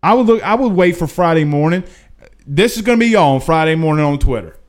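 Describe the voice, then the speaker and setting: A man hosting a casual livestream, answering chat questions in an excitable, emphatic, repetitive way. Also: on the high side, fast talker. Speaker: livestream host.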